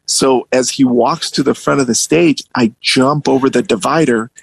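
A young man with a gravelly, slightly husky voice tells a story in a loose, casual way. He turns animated and jumps well up in pitch whenever he acts out the people in it, and the recording is dry and close. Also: normal speed, dry recording, poor audio. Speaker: guest telling a story.

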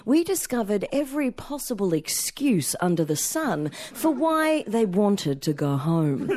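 A woman's voice: on the low side, darkish tone. A woman with an Australian accent, a comedian talking playfully and laughing often on a panel show. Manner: giggly, playful.

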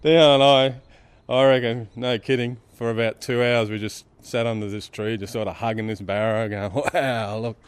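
A man's voice: mid-range voice, level tone, normal speed, smooth, no room sound. A man in his fifties from Darwin with an Australian accent, casually telling a story and laughing often. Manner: laid-back yarn-spinner, laughs often. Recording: music playing underneath. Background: music.

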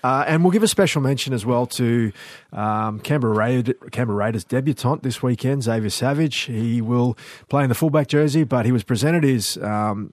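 A man's voice: medium pitch, moderate pace, no room sound, clean studio sound. A man hosting a casual radio sports chat, easygoing and laughing now and then. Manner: easygoing, laughs while talking. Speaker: host.

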